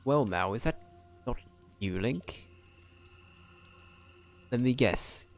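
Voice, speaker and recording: A man's voice: medium pitch, expressive, slow pace, faint music behind. A man reading out the lines of a melodramatic diver in a video game, in a theatrical way. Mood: mournful. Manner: reads game dialogue aloud, theatrical. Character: melodramatic diver mourning missing water.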